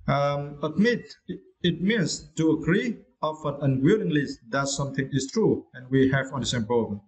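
A man with a Vietnamese accent teaching English vocabulary in a casual lesson, pausing often with "uh" and asking "right?". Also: on the high side, expressive, rough recording. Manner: hesitant, many "uh" pauses and "right?" checks; non-native English speaker.

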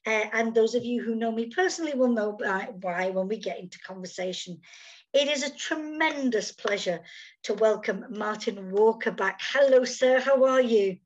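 A woman hosting a relaxed video-call interview, talking from outdoors in the summer. Her voice sits a little higher than most, and she chats along easily with many "uh"s and "um"s. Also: moderate pace, dull audio. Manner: chatty with many fillers. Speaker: host. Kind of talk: casual interview.

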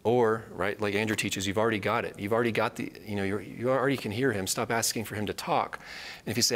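A man's voice: lowish voice, fairly even intonation, fast, a bit bright. Earnest man teaching a Bible study. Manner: earnest, repeats key phrases for emphasis.

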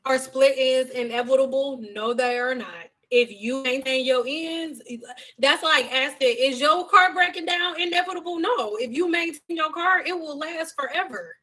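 A woman's voice: high-pitched, moderate pace, bright, forceful tone. A woman who used to do hair professionally, chatting casually on a live stream and answering viewers' hair questions in a sassy, direct way.

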